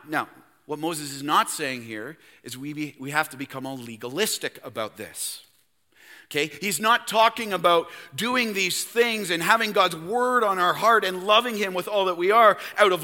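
A male pastor with a Canadian accent preaching a sermon in a church, emphatic and swinging from loud to hushed. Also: high voice, in a large hall. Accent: Canadian English. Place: church sanctuary.

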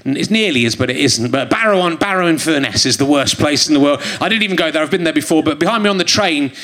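A man's voice: fairly high pitch, lively intonation, fast, fairly bright tone. A middle-aged man hosting a live comedy podcast on a theatre stage, rambling and self-mocking, full of fillers and restarts. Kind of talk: stand-up style live podcast monologue. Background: audience laughter.

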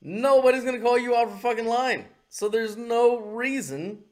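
A man's voice: very high voice, normal speed, a crowd in the background. A man co-hosting a casual podcast chat, blunt and mocking, swearing freely, on a podcast microphone. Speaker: podcast co-host.

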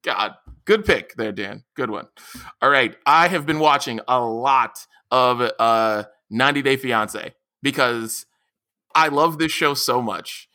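A man co-hosting a podcast in loose, casual chat. His voice is bright and forward, and he gets excitable fast, acting out what other people say. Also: mid-range voice. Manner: animated, excitable, laughs often, acts out quotes loudly. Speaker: podcast co-host.

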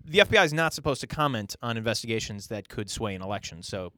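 A man's voice: fairly low pitch, animated, quick pace, bright, forceful tone, no room sound. A man hosting a podcast, playing the exasperated straight man in a casual comedic chat. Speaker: podcast host.

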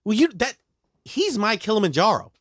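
A man, a guest on a podcast, chatting casually on a tour bus, excitable and enthusiastic, swearing. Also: sits high, moderate pace, no echo. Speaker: comedian guest. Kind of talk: casual chat.

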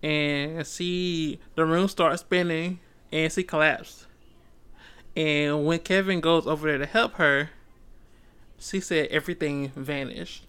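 A man's voice: a little high, steady tone, slow pace, fairly bright tone, clear, resonant tone. A man co-hosting a book club podcast, recapping a novel in loose, profane casual chat and acting out the characters' lines, laughing easily.

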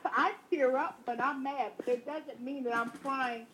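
Animated mother with a high voice. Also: a little slow, slight background noise, rough recording. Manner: animated, frequent restarts. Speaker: guest, mother. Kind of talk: casual conversation.

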